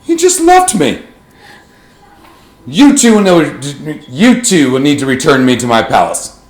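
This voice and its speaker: A man voicing a proud, demanding noblewoman in a scarlet dress, raising his voice high for her. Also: very animated, measured pace, reverberant. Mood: imperious.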